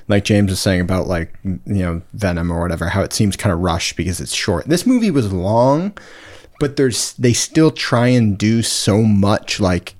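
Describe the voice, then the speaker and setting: A man's voice: on the low side, a little mellow. A young man in casual podcast chat, rambling with many "like"s and casual swearing.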